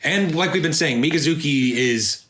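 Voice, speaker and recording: A man co-hosting a casual podcast from home, recapping in a thoughtful, hedging way with plenty of fillers. His voice is bright and forceful, and the room gives it a clear echo. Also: on the high side, normal speed, a little hiss or hum. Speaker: podcast co-host.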